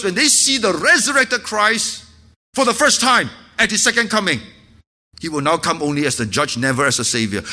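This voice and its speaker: Male pastor, sermon delivery, high bright voice, earnest and impassioned. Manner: impassioned preaching, dropping to hushed earnest tones.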